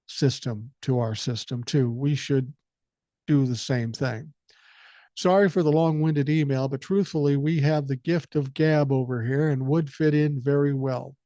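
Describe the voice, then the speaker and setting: A man in his sixties reads listener emails on his podcast and breaks in with blunt, joking, often profane remarks. His voice is mellow and dark. The recording is dry and a little dull. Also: mid-range voice, no room sound. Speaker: podcast host. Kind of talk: reading listener emails aloud with commentary.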